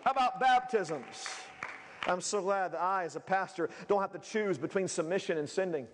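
A male pastor preaching a sermon, swinging between shouted peaks and low, quiet asides. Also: big-room sound.

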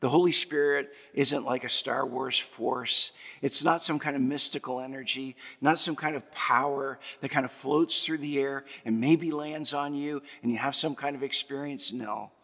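A man's voice: mid-range voice, steady tone, moderate pace, vocal fry, few pauses, sharp tone. A man preaching a sermon as pastor, building emphasis through repeated phrases and rhetorical questions. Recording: long hall reverb.

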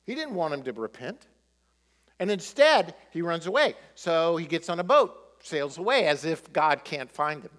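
A male pastor preaching a sermon, animated, throwing rhetorical questions at the congregation. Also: a little high, moderate pace, big-room sound.

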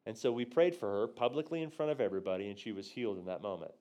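A man teaching a church group on prophecy, telling a story from the pulpit and acting out his own quotes, dropping quiet for tender moments and jumping loud for punchlines. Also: rapid-fire. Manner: animated storyteller, acts out his own quotes with big jumps in pitch and volume. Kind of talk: storytelling sermon.

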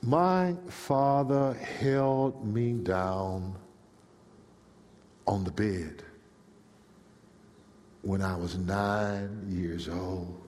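A man doing a hushed, halting young woman. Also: fairly low pitch, big-room sound, pitched below the performer's own voice. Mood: grave. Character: young woman confessing a childhood trauma, hushed.

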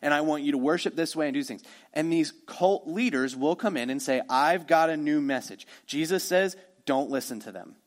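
Conversational preaching man, fairly high. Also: moderate pace, few pauses. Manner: conversational preaching, swings from emphatic to hushed. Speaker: pastor. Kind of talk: sermon.

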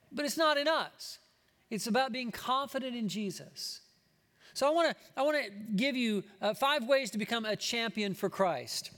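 A man preaching a sermon, animated and acting out Bible dialogue, with frequent restarts. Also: very high-pitched. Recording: long hall reverb.

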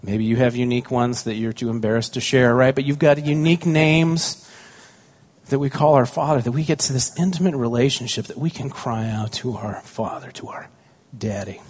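A man's voice: medium pitch, fairly even intonation, normal speed, a little mellow. A man, a pastor, preaching a conversational sermon with stories about his young children, often asking the congregation questions.

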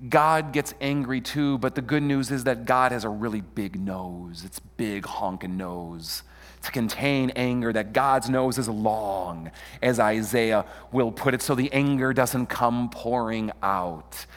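Animated preacher in a reverberant hall. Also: male voice, mid-range voice, a little slow. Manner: animated, calls on the congregation to answer. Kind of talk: sermon.

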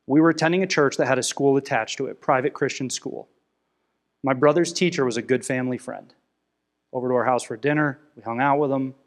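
A young adult man preaching a sermon, earnest and emotional, swinging from emphatic scripture readings to quiet personal confession. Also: medium pitch. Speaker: pastor.

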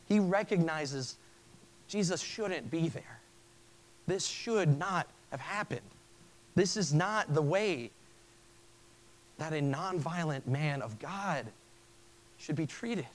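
Pastor guy giving a sermon, kinda high voice, keeps restarting his sentences, earnest. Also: animated, slow pace, pauses often, poor audio. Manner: earnest, with frequent stammered restarts.

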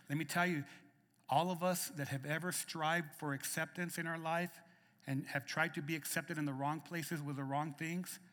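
A man's voice: fairly high pitch, bright, forceful tone, big-room sound. A middle-aged male pastor preaching a sermon in a church, emphatic and repeating words as he starts phrases. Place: church sanctuary.

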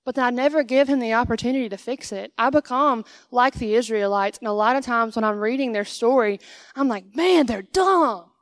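Young woman preaching casually in church, chatty, acts out back and forth with god, smooth clear voice, dry sound. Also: on the high side, steady tone, brisk, hardly any pauses, dry recording. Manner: conversational, acts out dialogue with God. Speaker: guest speaker. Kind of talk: sermon. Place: church sanctuary.

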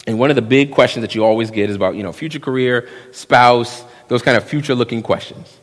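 Preacher guy in his 30s, gets loud then quiet, reverb from a big church hall. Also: medium pitch. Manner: animated preaching, swinging between hushed and loud; drops into quick voiced quotes of young men. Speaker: pastor. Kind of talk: sermon.

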